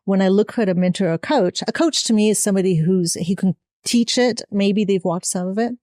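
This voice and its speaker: American female guest, earnest and emphatic, mid-pitched, dry close-miked. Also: brisk, mellow, dry recording. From United States. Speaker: podcast guest, music coach. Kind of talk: casual interview chat.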